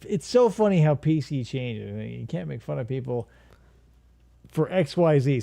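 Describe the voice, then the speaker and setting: A man's voice: mid-range voice, gravelly, mellow, no room sound. Podcast host, man, profane sarcastic riffing, dry close sound. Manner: crude, profane, sarcastic joking. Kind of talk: casual riffing commentary.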